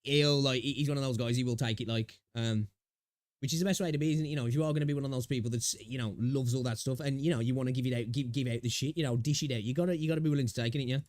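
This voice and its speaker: A man's voice: mid-range voice, rapid-fire, darkish tone, no echo. A man streaming live, chatting casually in a rambling, sweary way on a close desk mic. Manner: rambling and sweary, many fillers.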